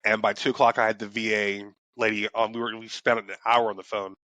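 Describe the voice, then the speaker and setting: A young man with a bright, forceful voice talks casually on a podcast, rambling and cursing, often restarting his thoughts. The sound is dry and close, with no room around it. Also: lowish voice, little pitch movement, a little fast, no echo. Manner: rambling, swears freely, restarts sentences. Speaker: podcast co-host. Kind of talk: casual chat.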